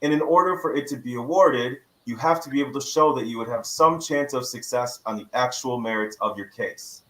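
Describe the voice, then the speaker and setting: Man explaining a case, bright and roomy. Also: medium pitch. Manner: measured legal explanation. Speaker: attorney panelist. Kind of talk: podcast panel discussion.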